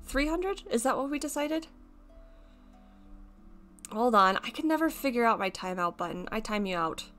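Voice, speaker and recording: A woman streaming a game live, chatting casually in a playful, giggly way that swings between mumbling and yelling. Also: on the high side, expressive, moderate pace, faint music behind. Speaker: VTuber streamer. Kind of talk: casual live-stream chat while gaming.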